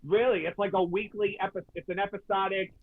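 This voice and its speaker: A man's voice: high voice, fairly even intonation, fairly quick, slight background noise. A man appearing as a podcast guest, talking about wrestling in an earnest, emphatic way. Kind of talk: casual wrestling chat. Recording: tinny phone-like line.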